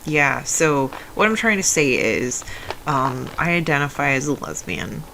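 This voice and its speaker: A young adult woman with a low voice often taken for a man's, telling a personal story in a rambling way with many fillers and restarts. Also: sing-song, unhurried, gravelly, pushed and bright, a little hiss or hum, low-quality recording. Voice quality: low voice often heard as male. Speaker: video essayist.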